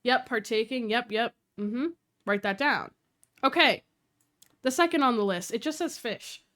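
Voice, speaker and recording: A young woman streamer talks to her chat in a fast, animated rush, swearing freely and slipping into quoted voices as she tells her stories. Her voice sits a little high and sounds bright and sharp. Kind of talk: casual live-stream chat.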